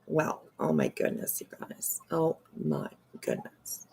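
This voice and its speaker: Slow, gravelly-voiced woman streamer. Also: rumbling low, huge pitch swings, darkish tone. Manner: chatty and sarcastic, drawn-out exclamations, swears casually. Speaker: live streamer. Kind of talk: live-stream drama commentary.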